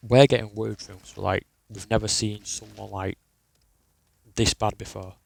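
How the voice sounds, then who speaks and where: A man's voice: on the low side, level tone, normal speed, vocal fry, rough recording. A young man, telling a rambling, sweary personal story in a casual way. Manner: rambling, sweary, restarts a lot.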